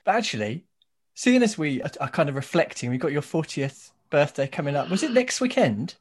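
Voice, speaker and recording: A man's voice: a little high, very animated, a little fast, slightly rough. A man from England hosting a podcast, chatting casually with dry, self-mocking humour. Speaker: podcast host. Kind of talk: casual chat.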